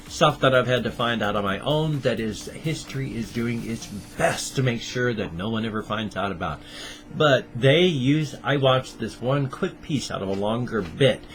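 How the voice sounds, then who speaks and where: An older American man talking in a casual daily vlog, earnest and halting, breaking down in tears and apologizing. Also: medium pitch. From United States. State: crying. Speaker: vlogger.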